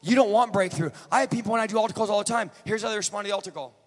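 A man preaching a sermon in a church, moving from joking asides to shouted, rhythmic calls to the congregation. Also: sits high, racing, big-room sound. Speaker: guest preacher. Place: large church.

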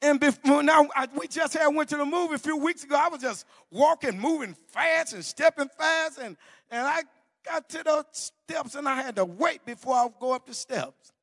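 High, gravelly-voiced preacher in a reverberant hall. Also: male voice, moderate pace, a bit bright, studio quality. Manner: folksy, emphatic preaching. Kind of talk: sermon with personal testimony. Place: church hall.

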